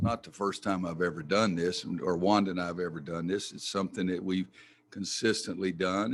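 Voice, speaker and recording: An older man speaks at a press conference as a head coach. His voice is low and gravelly with plenty of fry, and he talks in a folksy, blunt way, sometimes swearing mildly as he gets worked up.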